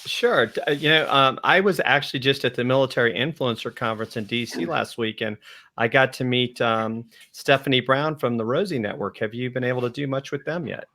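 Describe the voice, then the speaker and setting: A man's voice: medium pitch, fairly quick, bright, forceful tone. A man co-hosting a talk show, speaking in an upbeat, enthusiastic, casual way. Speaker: co-host. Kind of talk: casual chat.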